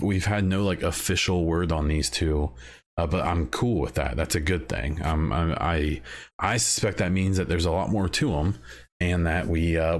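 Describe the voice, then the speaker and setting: Very deep-voiced rambling male podcaster. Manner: rambling, many "uh" fillers and restarts. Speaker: podcast host. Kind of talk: casual solo podcast talk.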